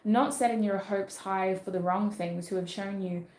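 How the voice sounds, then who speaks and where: A woman's voice: medium pitch, steady tone, moderate pace, darkish tone, roomy sound. A woman with an Australian accent giving a casual tarot reading. She talks in a chatty way and thinks aloud, with fillers and restarts. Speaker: tarot reader.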